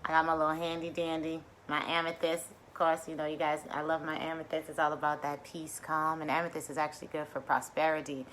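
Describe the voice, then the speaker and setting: A woman hosting a casual mindfulness livestream, bubbly and excitable, talking straight to her viewers. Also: low-pitched, quick pace, hardly any pauses, slight background noise.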